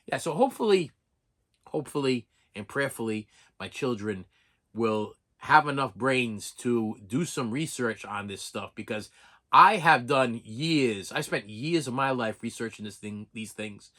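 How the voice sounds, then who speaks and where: A man's voice: on the high side, expressive, normal speed, bright, forceful tone. Heated, rambling middle-aged man. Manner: rambling, repetitive, heated, with frequent stammered restarts. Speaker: collector vlogger. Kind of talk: emotional unscripted rant.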